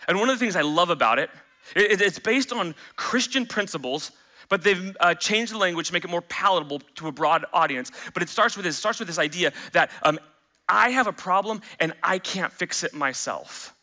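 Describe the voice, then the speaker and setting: A man preaches a sermon, his bright, fairly high voice swinging into the voices of the people he quotes. He is the pastor of the church, and his delivery is animated and lively. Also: a little fast.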